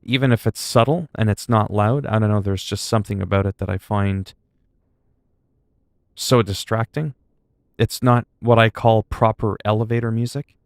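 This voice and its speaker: A man's voice: fairly low pitch, normal speed, vocal fry, dry recording, clean studio sound. A man chatting casually on a game livestream, rambling and swearing freely. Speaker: game streamer.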